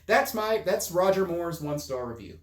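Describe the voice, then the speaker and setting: A man's voice: high voice, sing-song, normal speed, reverberant. A man hosting a podcast, chatting casually in a joking, rambling way. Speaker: podcast host. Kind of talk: casual chat.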